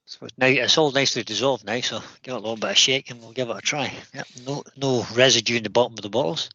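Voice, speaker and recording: A man's voice: mid-range voice, fast talker, bright, forceful tone, breathy edge, lo-fi sound. A man co-hosting a woodworking livestream, joking around and reading out viewer comments. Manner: jokey, reads viewer comments. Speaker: co-host. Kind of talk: livestream chat.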